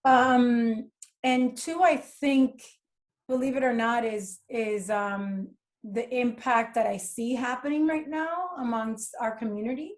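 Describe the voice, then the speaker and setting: Brief: higher-pitched woman, podcast guest, animated storyteller. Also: slow pace. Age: adult with children. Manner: animated, acts out dialogue from her stories. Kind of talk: casual interview talk.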